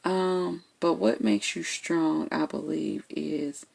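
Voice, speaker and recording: A woman's voice: deep voice, steady tone, slow pace, creaky, darkish tone. A woman giving a casual, blunt tarot reading to her viewers, checking in with "okay?" after nearly every point. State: has the hiccups. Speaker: tarot reader.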